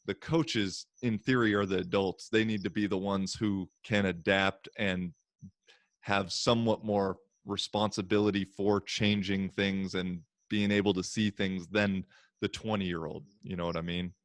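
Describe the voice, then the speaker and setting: An American man hosting a podcast, relaxed and rambling with many fillers in casual chat. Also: low voice, a little slow, no room sound, clean studio sound. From United States. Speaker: podcast host.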